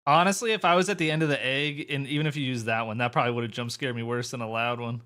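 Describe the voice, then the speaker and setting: A man's voice: medium pitch, steady tone, fast talker, pushed and bright. A young man streaming live, chatting casually with his viewers in a laid-back way with some mild swearing.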